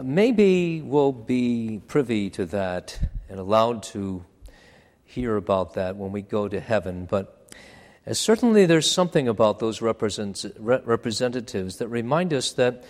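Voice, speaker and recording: A man's voice: medium pitch, darkish tone. Male preacher, earnest sermon delivery with swelling emphasis, voice ringing in a large hall. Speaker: pastor.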